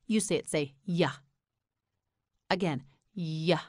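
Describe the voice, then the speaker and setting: Slow, patient American woman teaching words. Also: lowish voice, animated, no echo, studio quality. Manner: repeats words slowly and asks the listener to say them back. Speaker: English pronunciation teacher. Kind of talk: slow, clear scripted lesson narration.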